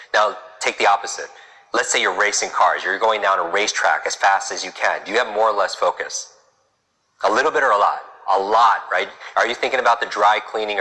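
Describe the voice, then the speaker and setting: A man speaks in a deep register with a sharp, strongly bright edge. He coaches a live crowd on reading in a brisk, punchy style. He keeps throwing rhetorical questions at them. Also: poor audio. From New York. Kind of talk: motivational talk to a live audience.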